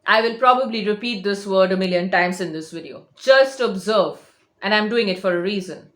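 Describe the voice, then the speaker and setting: A woman's voice: medium pitch, moderate pace, fairly bright tone, reverberant. A woman coach giving a direct-to-camera motivational talk, insistent and emphatic, often repeating her points. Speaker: manifestation coach.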